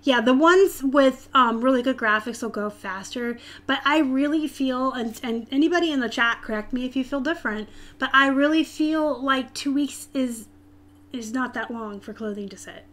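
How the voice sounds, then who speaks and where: A woman from Arizona with a light Southern US lilt hosts a relaxed live stream. She chats straight to her viewers and answers their comments as they come in, in a fairly high voice. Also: normal speed. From Tucson, Arizona, US. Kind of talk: casual live-stream chat.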